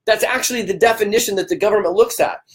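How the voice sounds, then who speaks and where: A man's voice: high-pitched, quick pace. Fired-up man ranting on a live stream. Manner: fired up, emphatic, repeats himself; greets viewers by name. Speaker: livestream host.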